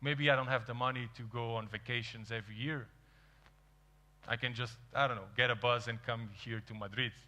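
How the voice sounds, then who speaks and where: Onstage in a large event hall, a Portuguese man gives a storytelling keynote, animatedly acting out quoted dialogue. His medium-pitched voice runs a little fast, and the hall is reverberant.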